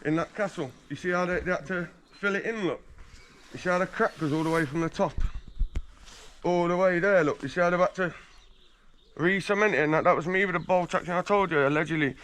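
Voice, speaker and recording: A man's voice: sits high, a little fast, fairly bright tone, slight background noise. A man from England telling boastful stories in a casual, slangy street interview, swearing freely while standing outdoors on a residential street.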